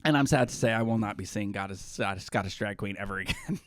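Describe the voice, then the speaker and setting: A man's voice: on the low side, animated, fast, no room sound, clean studio sound. A man co-hosting a casual podcast, telling stories in a rambling way and often correcting himself. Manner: rambling storyteller, self-correcting. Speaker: podcast co-host. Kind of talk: casual chat.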